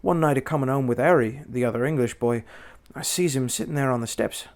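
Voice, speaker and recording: A man voicing a young working-class Cockney bellboy who calls everyone "sir" and speaks in rough grammar. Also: medium pitch, brisk, a little mellow, close to an everyday voice. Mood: uneasy. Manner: dropped grammar, deferential "sir" after every phrase. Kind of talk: audiobook character voice.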